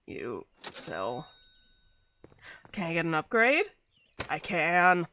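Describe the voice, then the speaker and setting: Chatty streamer, swooping animated delivery, mid-pitched, laughs a lot, gaming chat at a desk mic. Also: slow, slight background noise. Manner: chatty and rambling, laughs often. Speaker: VTuber streamer.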